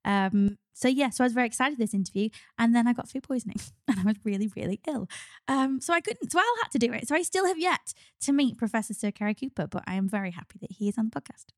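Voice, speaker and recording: A woman's voice: on the high side, expressive, fast talker, no room sound, studio quality. Chatty upbeat woman podcast host. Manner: chatty and upbeat, laughs often. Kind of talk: casual podcast chat.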